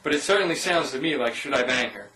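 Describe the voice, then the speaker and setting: A paranormal investigator narrates clips of his ghost-hunting evidence in a casual voice-over, speaking informally and directly to viewers. His mid-range voice is expressive, fast, bright and forceful. The rough recording is reverberant, from a distant mic.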